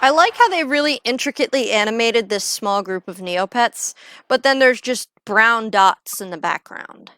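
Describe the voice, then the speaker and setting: A woman's voice: on the high side, lively intonation, normal speed, bright, forceful tone, no echo. Chatty woman streaming, dry close sound. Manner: chatty, rambling, many "like" fillers. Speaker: livestreamer. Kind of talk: casual livestream chat while gaming.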